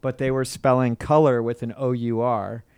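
A man's voice: mid-range voice, little pitch movement, moderate pace, darkish tone, clear, resonant tone, no room sound. A man co-hosting a casual chat, telling loose stories and mimicking the people he quotes. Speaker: podcast co-host.

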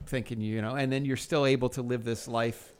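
A man co-hosting a casual podcast, bantering with crude jokes and quick reactions. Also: mid-range voice, fairly even intonation, slight background noise.

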